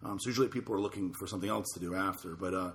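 A man's voice: sits low, fairly even intonation, rapid-fire, a bit bright. A man hosting a podcast in casual chat, talking in a loose, blunt way with casual swearing. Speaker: podcast host.

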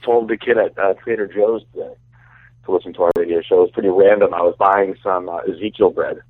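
A man calls in to a podcast and wanders through his stories, pausing often to find the next word. His lowish voice arrives thin and tinny over a phone line, completely dry with no room around it. He sounds a little drained and low on energy. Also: steady tone, no echo. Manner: rambling, hesitant storyteller. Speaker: podcast co-host. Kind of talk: casual chat.

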